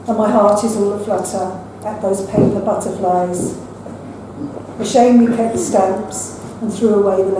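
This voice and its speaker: An older woman reading her own poems at an open mic in a measured, recited way, with brief chatty asides between them. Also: mid-range voice, background noise. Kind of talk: poetry reading. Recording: echoey room from far off with faint ambience.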